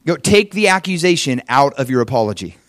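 A middle-aged male pastor preaching a sermon, swinging from loud and emphatic to soft and hushed. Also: medium pitch, sing-song, quick pace, no echo.

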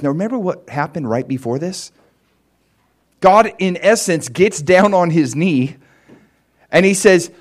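A man's voice: on the high side, lively intonation, normal speed. An American man preaching a casual teaching sermon, talking loosely with lots of "like" and "you know" and checking that his listeners follow. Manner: conversational, many fillers like "like" and "you know"; checks in with listeners by asking if it makes sense. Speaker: pastor.

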